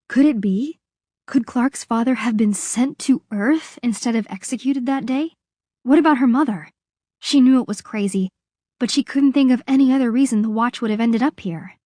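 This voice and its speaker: A woman narrating an audiobook in a measured, expressive reading. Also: a little high, no echo, studio quality.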